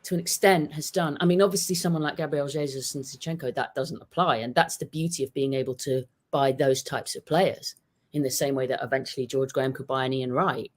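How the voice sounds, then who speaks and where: A man chatting about football on a podcast, telling stories in an animated way, with many restarts. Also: medium pitch, fairly quick. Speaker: podcast guest. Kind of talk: casual football chat. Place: home with a dog.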